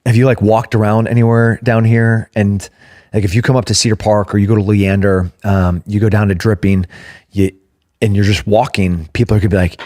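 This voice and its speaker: A man's voice: fairly low pitch, little pitch movement, brisk, a little mellow, no room sound, studio quality. A man co-hosting a podcast, chatting loosely and rambling, often acting out what locals say. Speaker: podcast co-host. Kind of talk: casual chat.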